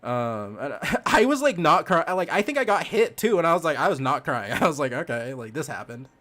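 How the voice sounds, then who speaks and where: In a slightly high, very animated, bright and pushed voice, a young man talks briskly as he streams a game. He wanders through a childhood story, cursing and laughing throughout.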